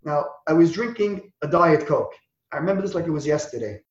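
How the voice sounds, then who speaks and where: A man telling a personal story as an interview guest, acting out the dialogue in quick, animated bursts. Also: on the high side. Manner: acts out quoted dialogue, talks in quick bursts. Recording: echoey, dull lo-fi sound.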